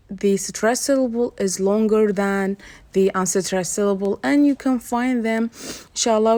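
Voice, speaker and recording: A woman lecturer giving a recorded online lesson, explaining slowly and repeating herself, with frequent pauses. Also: mid-range voice, a little mellow. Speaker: university lecturer.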